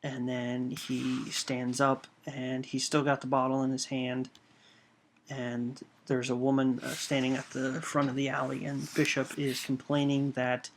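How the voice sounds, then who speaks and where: Monotone man pitching a storyboard. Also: a little slow, slight background noise. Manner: hesitant, full of "um" and "you know". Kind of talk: storyboard pitch, describing scenes.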